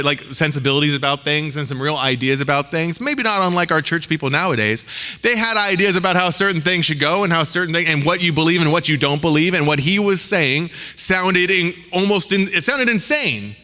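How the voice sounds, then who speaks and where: Bright-voiced male pastor in a reverberant church. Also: a little high, fairly quick. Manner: conversational, slangy, acts out characters' voices in quotes. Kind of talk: sermon. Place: church sanctuary. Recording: long hall reverb.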